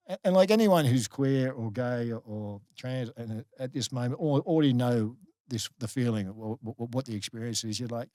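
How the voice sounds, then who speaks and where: A middle-aged Australian man, a guest on a podcast, telling a personal story candidly, halting and restarting often. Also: medium pitch, mellow, no echo. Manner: halting, many restarts, earnest. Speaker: guest, former rugby league player.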